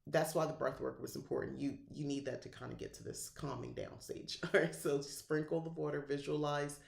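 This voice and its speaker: A middle-aged woman hosting a podcast, teaching a calming ritual in a rambling, relaxed way and laughing often. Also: low-pitched, fairly quick, creaky, echoey room. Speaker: podcast host and spiritual guide. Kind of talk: casual livestream teaching.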